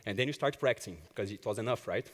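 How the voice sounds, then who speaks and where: Racing through personal stories, a fairly low-voiced man, an agile coach by profession, acts out the dialogue animatedly during a talk on a conference hall stage. A long reverb tail follows his words.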